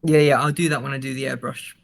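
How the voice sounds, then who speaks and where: A man co-hosting a casual livestream while drawing, relaxed and self-assured. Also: medium pitch, fast, creaky. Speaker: co-host, artist.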